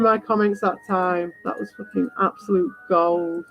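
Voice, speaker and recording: A woman's voice: medium pitch, steady tone, normal speed, gravelly. A woman hosting a livestream, talking bluntly and rambling to her viewers with a lot of swearing and confrontation. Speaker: livestream host. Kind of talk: rambling live chat to viewers. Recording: dull lo-fi with faint music.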